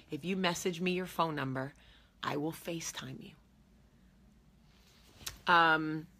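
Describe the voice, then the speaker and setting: A woman in her forties speaks directly to her viewers in a heartfelt, casual talk to camera, full of earnest conviction and frequently repeating key phrases for emphasis. Her deep voice is husky and a bit rough but has a bright, forceful edge.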